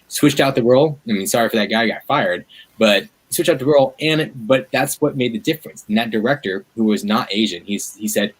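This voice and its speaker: A man speaking as a guest on a livestream, talking in an animated, rambling way with many fillers and restarts, heard over a video call. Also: medium pitch, brisk, low-quality recording. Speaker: guest, media activist. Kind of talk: livestream conversation.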